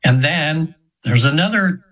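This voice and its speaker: A man's voice: on the high side, lively intonation, measured pace, fairly bright tone, poor audio. A man in his seventies telling a long personal story to a host in a chatty, rambling way, with many fillers and restarts. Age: 70s. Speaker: guest practitioner of trance sessions.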